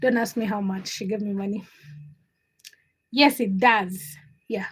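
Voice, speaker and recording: A young woman hosting a livestream, chatting to viewers and telling a story. She swings between hushed asides and excited squeals. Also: mid-range voice, unhurried, slightly rough. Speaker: livestream host. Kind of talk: casual chat with live viewers.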